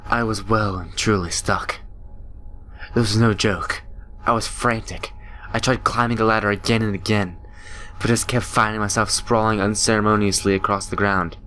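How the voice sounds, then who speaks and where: A man's voice: lowish voice, steady tone, moderate pace, sharp tone, a little hiss or hum. A young man playing a horror game, reading its story aloud dramatically with joking asides. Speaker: gaming YouTuber. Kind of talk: reading a visual novel aloud with commentary.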